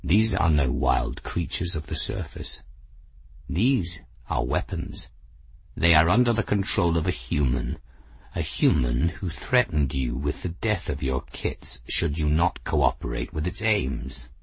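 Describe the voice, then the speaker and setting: A man's voice: very deep voice, big pitch swings, measured pace, slightly rough, dry recording, voice pushed down, full character voice. Man doing Raoul, a smug young cat warrior. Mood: assured.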